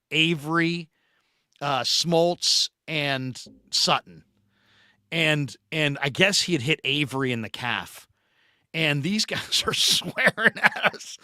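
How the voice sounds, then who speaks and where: A middle-aged man tells a story on a podcast, bright and forceful, and jumps into different voices for the people in it. His voice is pitched a bit high, and the sound is dry and close to the mic. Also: no room sound. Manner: animated storyteller who acts out the voices in his anecdotes. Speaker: podcast host. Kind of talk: casual storytelling chat.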